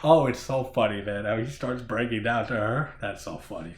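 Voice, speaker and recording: A man's voice: on the low side, normal speed, reverberant. A man giving a casual horror movie review who laughs often, swears casually and rambles.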